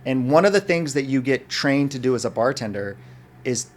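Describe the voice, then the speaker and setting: A man, a restaurant owner and former bartender, telling an animated story as a podcast guest and acting out the dialogue. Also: mid-range voice, moderate pace. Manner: animated, acts out the dialogue of people in his story. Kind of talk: casual storytelling in a podcast interview.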